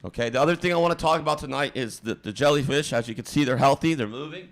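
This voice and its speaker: A man hosting a livestream, giving a halting mock apology with many fillers and restarts in a deadpan, fake-emotional tone. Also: medium pitch. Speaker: streamer host.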